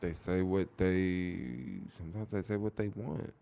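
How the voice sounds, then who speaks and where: A man's voice: low-pitched, little pitch movement, warm tone. A man hosting a casual livestream, chatting with viewers and repeating phrases for emphasis. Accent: American. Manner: repetitive, restarting phrases, drawn-out emphasis. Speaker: livestream host.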